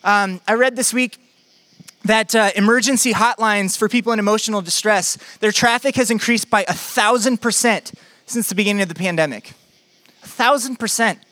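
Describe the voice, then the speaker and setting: Young pastor, jokey animated sermon storytelling, dry close sound. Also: male voice, sits high, moderate pace, no echo.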